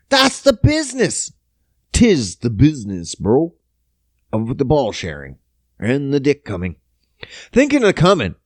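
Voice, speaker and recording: A man's voice: mid-range voice, no room sound, studio quality. A man hosting a podcast, telling crude comic stories in a profane, boisterous way and laughing often. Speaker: podcast host. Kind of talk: crude comic storytelling monologue.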